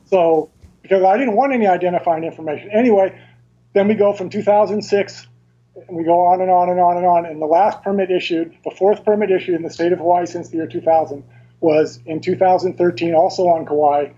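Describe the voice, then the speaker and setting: This high-voiced man, a guest on an interview, lays out his points with care and detail despite halting restarts. His tone is steady and mellow with a breathy edge, and the remote audio is dull and lo-fi.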